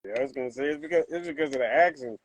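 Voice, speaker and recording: A man as a guest in a casual livestream chat, soft-spoken and hesitant, often repeating words as he talks. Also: mid-range voice, very fast, dry recording, poor audio.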